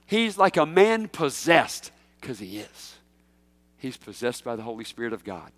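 A senior pastor preaches in a sing-song manner, alternating slow, emphatic phrases with quick asides. When he voices a quoted figure, he breaks into sudden loud, high bursts, and the recording is dry.

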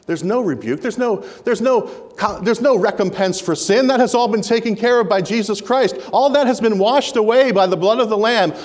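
A man's voice: high-pitched, moderate pace, hardly any pauses, darkish tone. A man preaching a sermon in a church, earnest and repeating key phrases for emphasis. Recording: reverberant hall.

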